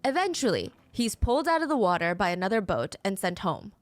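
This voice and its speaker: A woman's voice: medium pitch, very animated, a little fast, no echo. A woman telling a true story in a dramatic way, acting out the voices of the people in it. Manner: dramatic, acts out the screams. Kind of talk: storytelling narration.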